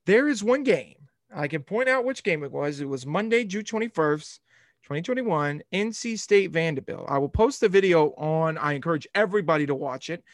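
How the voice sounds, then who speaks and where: A young man hosting a sports podcast, telling a rambling, animated story in casual talk. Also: fairly high pitch, moderate pace, dry recording, clean studio sound.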